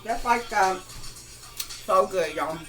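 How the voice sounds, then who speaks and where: A woman hosting a casual cooking video, talking slowly and warmly to her viewers as guys and y'all. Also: medium pitch, faint music behind, low-quality recording. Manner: slow, drawn-out, homey, addresses viewers as guys and y'all. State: talking with mouth full at times. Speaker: cooking vlogger. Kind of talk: casual cooking demo chat.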